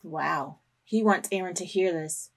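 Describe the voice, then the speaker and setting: A woman hosting an anime reaction video, talking back at the screen and bursting into loud, emotional outbursts with cursing. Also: lowish voice, a little slow, vocal fry. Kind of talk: reaction commentary.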